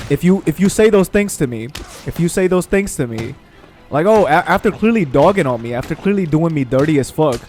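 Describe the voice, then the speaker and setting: Profane ranting young man gamer. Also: on the high side. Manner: profane, animated ranting with mocking voices. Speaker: gaming streamer. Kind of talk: casual gameplay commentary rant.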